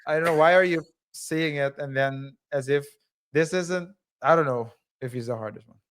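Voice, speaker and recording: A man co-hosting a podcast, talking loosely and hedging his views. His voice comes through smooth and clear, pitched slightly high. He fills gaps with ums and uhs. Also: moderate pace, fairly bright tone. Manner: rambling, many fillers, hedging. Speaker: podcast co-host. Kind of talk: casual chat.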